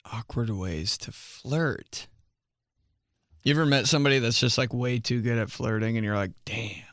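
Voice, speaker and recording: A man's voice: medium pitch, moderate pace, creaky, a bit bright, no room sound, studio quality. A young man telling casual comic stories about himself, rambling, full of fillers and laughing at his own jokes. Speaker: comedian. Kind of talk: casual comedic storytelling monologue.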